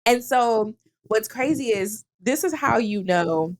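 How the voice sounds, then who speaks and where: A woman in her thirties, a podcast co-host telling a story in casual chat, dramatic and quick to laugh and swear. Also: fairly high pitch, no room sound. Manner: animated, dramatic, swears freely, laughs often.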